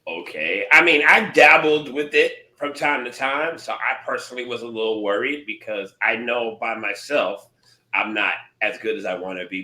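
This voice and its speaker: A man's voice: mid-range voice, reverberant, rough recording. A man co-hosting a podcast, talking earnestly and thoughtfully about his experience. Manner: earnest, thoughtful, speaks calmly. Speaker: podcast co-host. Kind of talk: casual podcast chat.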